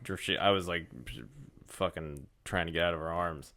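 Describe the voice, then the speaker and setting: A young man with a deep, creaky voice chats casually as a podcast co-host. He rambles, cracks jokes and laughs often. The tone stays loose and unpolished. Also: steady tone, normal speed, sharp tone, a little hiss or hum. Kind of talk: casual chat.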